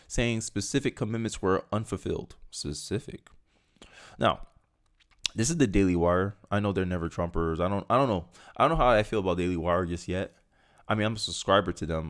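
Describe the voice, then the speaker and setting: A young man with a fairly low voice reads news lines aloud, then breaks off into animated, conversational commentary. He slips now and then into mocking voices while he riffs. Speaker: political commentary host. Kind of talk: casual political commentary, reading news aloud and reacting.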